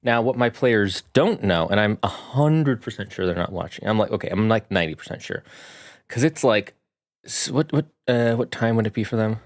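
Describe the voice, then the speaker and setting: A man's voice: on the low side, expressive, normal speed. A man, a game master, chatting casually on his live stream from his home room, with showy greetings and chatty asides.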